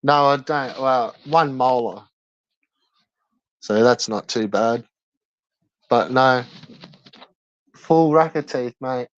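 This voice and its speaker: Australian male streamer, unhurried, swears freely, dry and slightly muffled lo-fi sound. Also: mid-range voice, dry recording. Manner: brash, profane banter. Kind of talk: casual chat answering viewers.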